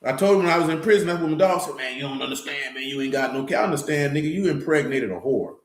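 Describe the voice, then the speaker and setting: A man's voice: medium pitch, quick pace. Blunt streetwise man teaching, echoey room. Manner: blunt, streetwise, repeats "you know what I'm saying". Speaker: teacher of a scripture study assembly. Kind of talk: loose conversational bible teaching.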